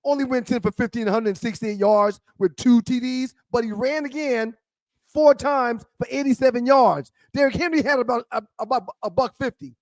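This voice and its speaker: Man, sports talk co-host, very high voice, dry sound, quick interjections. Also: dry recording. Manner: chiming in with quick agreement, stumbling restarts.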